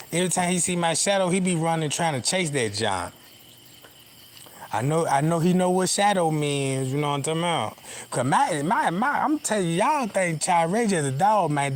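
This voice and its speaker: High-voiced man telling a rambling comic story. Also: a little hiss or hum. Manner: rambling, slangy, keeps asking "you know what I'm talking about". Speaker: livestreamer. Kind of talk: casual comic storytelling to viewers. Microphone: phone camera.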